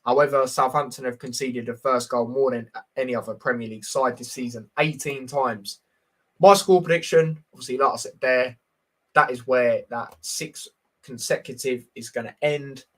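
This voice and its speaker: A man's voice: medium pitch, steady tone, moderate pace. A young man giving casual, blunt football predictions on a livestream, reading stats and viewer comments with lots of fillers.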